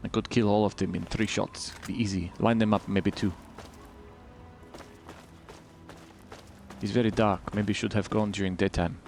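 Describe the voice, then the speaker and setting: Guy doing a fake Eastern European accent with broken English, low voice, faint music behind. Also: flat delivery, fairly quick, creaky, a little mellow. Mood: blunt. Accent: put-on generic Eastern European. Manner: broken English, dropped articles, blunt opinions. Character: man from nowhere, broken English. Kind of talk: joking accent bit while gaming.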